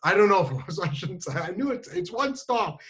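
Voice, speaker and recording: A man telling a funny personal story, self-mocking and halting, with many restarts and fillers. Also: sits high, sing-song, poor audio.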